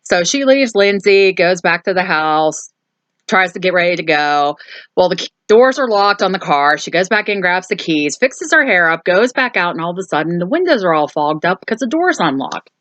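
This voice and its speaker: A woman's voice: lowish voice, sing-song, normal speed, a bit bright, no echo. A woman hosting a casual movie recap, rambling along with lots of ums and so. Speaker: host.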